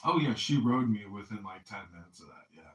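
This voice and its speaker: A man with a bright, forceful voice, chatting loosely as a podcast host. He rambles, leans hard on "like" and swears freely. He sits back from the mic in an echoey room. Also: on the low side, fairly quick, far from the mic. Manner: rambling, profane, heavy on "like". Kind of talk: casual chat.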